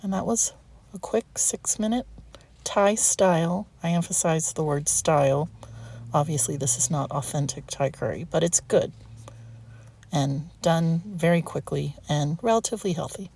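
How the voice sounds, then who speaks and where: A woman's voice: deep voice, normal speed, vocal fry, mellow, husky. A woman talking casually over a home recipe video, chatty and self-deprecating, with little asides. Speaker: home cook vlogger.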